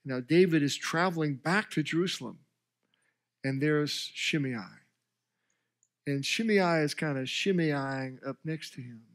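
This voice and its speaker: A man preaching from the pulpit, his voice sitting a little high for a man. He tells a story with swelling emphasis and briefly takes on the characters' voices as he goes. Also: unhurried. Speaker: pastor. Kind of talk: sermon.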